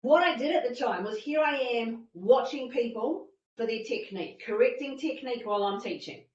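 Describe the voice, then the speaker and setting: A woman fitness instructor telling a personal story in an animated talk, acting out her own panicked thoughts. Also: a little high, normal speed, slight background noise. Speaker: fitness instructor and masterclass speaker. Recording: distant, echoey and dull-sounding.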